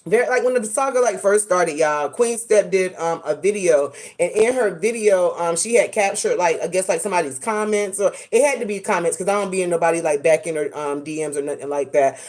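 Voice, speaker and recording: A woman's voice: lowish voice, fairly quick, hardly any pauses, a little mellow. A woman hosting a casual commentary vlog, sassy and dramatic, full of slang. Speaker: host.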